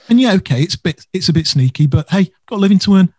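A man's voice: sits high, animated, rapid-fire, darkish tone, no echo. A man co-hosting a casual business podcast, talking animatedly and stressing words for effect. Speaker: podcast co-host.

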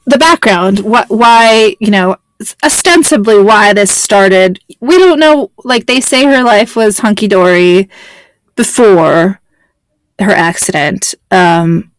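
A woman hosts a podcast, chatting casually in a rambling, self-deprecating way. Her voice is medium-pitched and slow, and the recording is dry.

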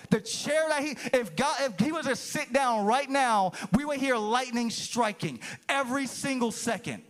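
With a very high-pitched voice at normal speed and almost no pauses, a male pastor preaches animatedly to the congregation, sometimes shouting in sudden bursts.

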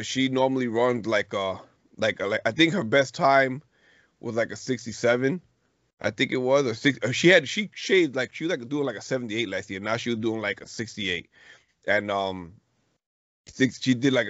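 A man's voice: medium pitch, moderate pace, fairly bright tone, no echo. Slangy middle-aged man telling a story. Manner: slangy storytelling with many restarts. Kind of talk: casual chat. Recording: dull lo-fi podcast recording.

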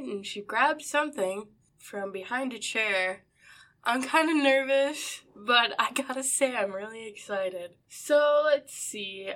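A woman co-hosting a comedy podcast, giggly and excitable, laughing often. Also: fairly high pitch. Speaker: podcast co-host.

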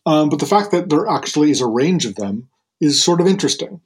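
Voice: medium pitch, lively intonation, fast, slightly rough, rough recording. Chatty storyteller retelling a myth. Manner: chatty, frequent fillers and laughs. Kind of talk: casual storytelling.

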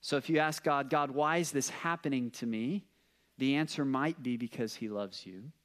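A young man preaching a casual sermon, telling stories with lots of fillers and animated asides. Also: medium pitch, moderate pace. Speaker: pastor.

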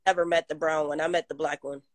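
A woman's voice: low-pitched, steady tone, fast, no echo. Blunt, profane woman in casual chat. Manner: blunt and profane, reacts with short interjections.

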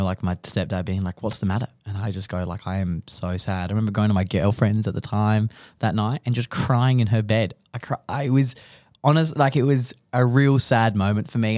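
A man's voice: on the low side, darkish tone, dry recording, clean studio sound. Rambling young Australian man, podcast host. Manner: rambling, emotional storytelling with many restarts. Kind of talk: casual podcast chat.

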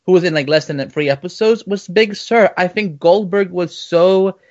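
A man co-hosting a casual podcast, talking in an animated, rambling way with lots of fillers. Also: high-pitched, moderate pace, dull audio. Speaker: podcast co-host.

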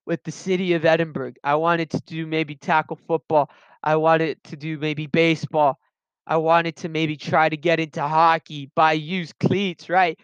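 Young man, high and smooth voice, dry lo-fi recording, rambling casual storytelling. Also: fairly bright tone, no room sound. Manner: rambling, self-interrupting, slangy. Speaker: vlogger telling personal stories. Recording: dull lo-fi sound.

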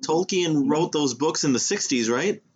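Animated man joking on a podcast. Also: a little high, moderate pace, a little hiss or hum. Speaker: podcast co-host. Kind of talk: casual podcast chat.

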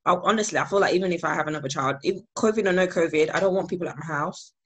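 Low-voiced woman chatting with a friend. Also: a bit bright. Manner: quick to agree, chatty. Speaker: mother. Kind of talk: casual chat.

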